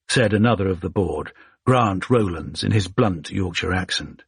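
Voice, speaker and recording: A man narrating a thriller audiobook in a steady, even storytelling manner. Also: low voice, moderate pace, husky, dry recording, studio quality. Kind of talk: scripted narration.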